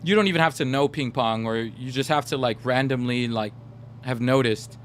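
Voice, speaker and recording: A faint hiss or hum sits under a young male gaming streamer's mid-range voice, which moves at a moderate pace. Chatty and casual, he tells stories and talks right to his chat.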